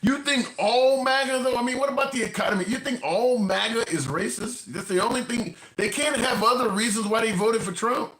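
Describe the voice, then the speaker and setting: Male host, bright voice, echoey room, questions and pushes back. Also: extremely high pitch, brisk, few pauses. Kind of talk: casual interview chat.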